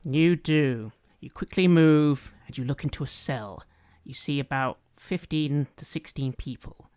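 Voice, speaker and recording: A man narrating a tabletop game as game master, calm and descriptive. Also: on the high side, no echo. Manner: calm, descriptive, softening for emotional moments.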